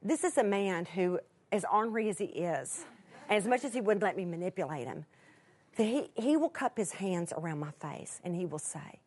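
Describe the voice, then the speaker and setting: A woman preaching to a live audience, telling a personal story in a folksy, chatty way, with emotional swings from excited to hushed. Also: medium pitch, moderate pace. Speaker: Christian speaker.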